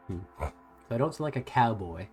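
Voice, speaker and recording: A man with a soft US West Coast American accent, casually chatting with viewers on a livestream while painting miniatures. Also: medium pitch. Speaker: livestream host.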